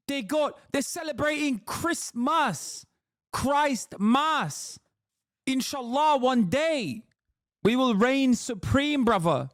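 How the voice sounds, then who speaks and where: A high, drawn-out South Asian London voice of a zealous male podcaster, as a man puts him on, slow and sermonizing and full of "brother". The pitch sits well above the man's usual voice and the words stretch out. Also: lively intonation, a bit bright, dry recording, studio quality, full character voice. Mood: preachy. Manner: preachy, drawn-out, keeps saying brother.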